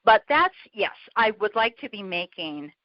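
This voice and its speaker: Woman talking fast and lively, laughing at herself, kinda muffled line. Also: medium pitch, no room sound. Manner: lively, laughing, self-deprecating. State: slightly out of breath from walking. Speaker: guest, author and prayer coach. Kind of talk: casual interview chat.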